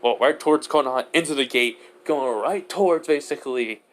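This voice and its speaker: A man's voice: medium pitch, a little fast. A man narrating an improvised fan story in a rambling way, full of fillers and restarts.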